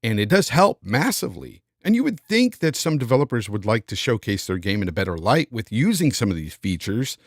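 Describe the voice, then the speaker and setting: A man's voice: lowish voice, sing-song, fairly quick, few pauses, no echo, clean studio sound. A man hosting a casual live-stream podcast, reading out super chats and thanking viewers by name. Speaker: podcast host.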